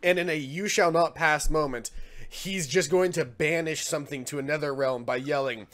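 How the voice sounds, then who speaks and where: A man's voice: fairly high pitch, moderate pace, a bit bright. A man running a tabletop game as dungeon master, joking around and laughing often.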